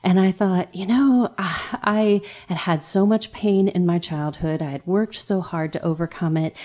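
Earnest woman with a low, mellow voice. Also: a little slow. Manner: earnest, emotional storytelling. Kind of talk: heartfelt faith conversation.

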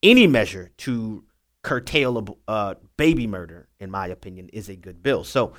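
A man's voice: fairly low pitch, lively intonation, normal speed, fairly bright tone. A man speaking as a legal analyst guest on talk radio, earnest and emphatic in his explaining.

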